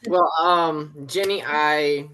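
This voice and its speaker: A man's voice: a little high, fairly even intonation, takes it slowly, pushed and bright, clean tone. A man speaking as a guest on a paranormal live stream, friendly and easygoing. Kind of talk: casual live-stream chat.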